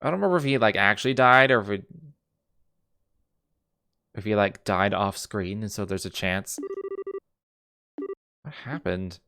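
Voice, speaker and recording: A man's voice: lowish voice, moderate pace, long pauses, bright, forceful tone, smooth, no echo, clean studio sound. A male streamer casually thinking aloud while playing a game. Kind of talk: gameplay commentary. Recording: game music behind.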